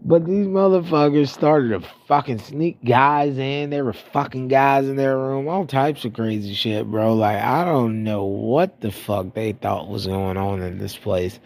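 A man's voice: medium pitch, fairly even intonation, unhurried, hardly any pauses, darkish tone. A man in his thirties from Florida, telling rambling, profane stories about his past in a casual monologue, a bit stuffy-nosed. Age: 30s. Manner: profane, rambling, laughing at himself. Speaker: storyteller.

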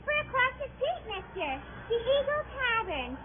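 Little girl, very high voice, lively, eager to help, 1940s radio drama, tinny old broadcast. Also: moderate pace, a little hiss or hum. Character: young girl at an upstairs window, chatty.

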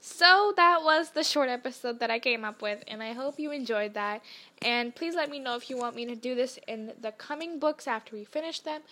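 Her pitch is high, pushed and bright. She's a podcast host reacting to memes in a loose, chatty way, leaning on "like" as a constant filler.

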